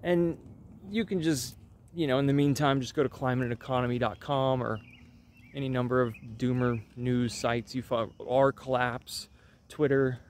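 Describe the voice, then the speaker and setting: A man chats loosely to his viewers in a rambling, wry vlog. His voice sits at an ordinary middle pitch, and his delivery is offhand and meandering. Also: fairly even intonation, normal speed, slight background noise. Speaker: channel host. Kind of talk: casual vlog chat.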